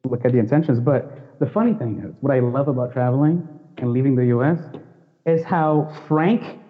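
A man's voice: medium pitch, animated, quick pace. A man from the United States talking frankly in a casual discussion, restarting sentences and laughing easily. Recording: dull sound with long hall reverb.

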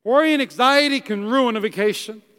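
A man's voice: extremely high pitch, fairly quick, a bit bright, clear, resonant tone, big-room sound. A young man preaching a sermon in a church, telling stories and acting out voices as he goes. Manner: storytelling preacher, acts out voices. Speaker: pastor. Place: church hall.

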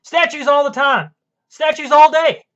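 High-voiced teasing man, lo-fi sound. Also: fairly even intonation, measured pace, a bit bright. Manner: teasing, mock-exasperated. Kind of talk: casual podcast chat. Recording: dull lo-fi audio.

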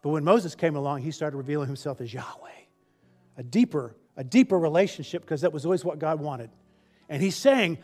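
Casual, lively male preacher. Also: a little high, fairly quick. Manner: conversational, restarts phrases, acts out the people's whining in a raised voice. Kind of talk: sermon.

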